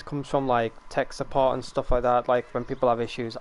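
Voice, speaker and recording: A young man streaming a game, chatting casually and laughing often, his voice cracking and rough. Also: mid-range voice, steady tone, moderate pace, hardly any pauses, a little hiss or hum. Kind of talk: casual live-stream chat.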